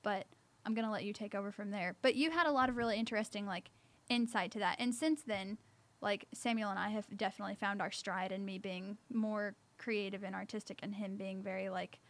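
A woman's voice: mid-range voice, steady tone, fairly quick, hardly any pauses. A young woman hosting a casual chat, rambling with many fillers and laughing often. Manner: rambling, heavy use of fillers.

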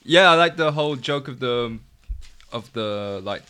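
A man giving casual, rambling feedback, full of likes and yeahs and quick laughs. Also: medium pitch, expressive, bright, forceful tone, smooth. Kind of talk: casual chat.

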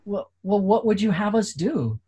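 Husky reader in a service dialogue. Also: medium pitch, expressive, moderate pace, mellow. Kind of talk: dramatic reading in a service.

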